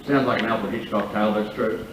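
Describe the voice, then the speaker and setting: A man's voice: lowish voice, steady tone, quick pace, slight background noise. A man working as MC at a lunch, telling jokes and spinning a long tall tale with plenty of swearing. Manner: profane, storytelling. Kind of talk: stand-up emcee telling jokes. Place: large function room at a lunch. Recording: echoey live room from far off, dull.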